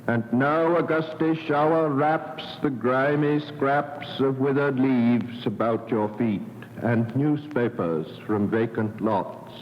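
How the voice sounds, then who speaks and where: A middle-aged man, a poet, giving a formal reading of his own poems in a measured, deliberate way on an old archival recording. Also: mid-range voice, a little hiss or hum. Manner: slow, measured, deliberate delivery. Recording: dull lo-fi archival recording with long reverb.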